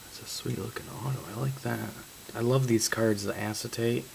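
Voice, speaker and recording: A man's voice: mid-range voice, fairly even intonation, moderate pace, creaky, darkish tone, a little hiss or hum, rough recording. A man opening trading card boxes on camera, reading out card names and breaking into stunned exclamations. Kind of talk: casual card-break commentary.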